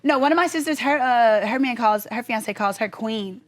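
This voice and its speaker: A woman's voice: on the high side, normal speed. A young woman co-hosting a podcast in casual, joking chat, often laughing and slipping into playful impressions. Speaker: podcast co-host.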